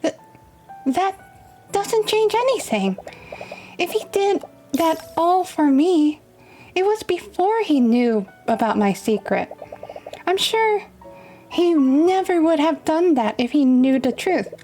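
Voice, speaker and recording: A woman's voice: animated, slow, pauses often, dark tone, soft background music, exaggerated voice. A woman voicing a grieving young woman. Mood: upset, disbelieving. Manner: high, strained and tearful.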